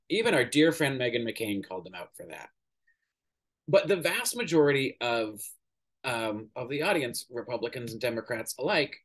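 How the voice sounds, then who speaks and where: A man giving casual, opinionated political commentary as a podcast host, pausing often with fillers and swearing now and then. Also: mid-range voice, a bit bright. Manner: opinionated, hesitant with many ums, swears casually.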